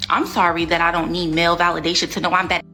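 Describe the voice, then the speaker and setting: A woman's voice: fairly low pitch, level tone, quick pace, sharp tone, faint music behind. A woman ranting in a sassy, indignant reaction video. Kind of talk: reaction rant.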